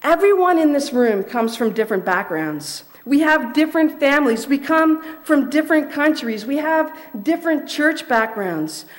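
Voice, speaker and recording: A young woman preaching a sermon in a measured way, repeating key phrases for emphasis. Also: high voice, animated.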